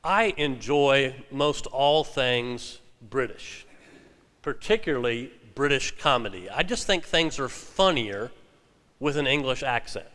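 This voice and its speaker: A man preaching a sermon as pastor, speaking in measured phrases and slowing for emphasis. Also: mid-range voice, animated, fairly bright tone, long reverb tail. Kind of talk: sermon with scripture reading.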